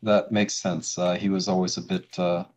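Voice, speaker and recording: A man voicing a calm, measured male ninja commander in a tabletop game, speaking with hesitant pauses. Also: deep voice. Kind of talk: game master voicing a character. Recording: slightly dull lo-fi audio.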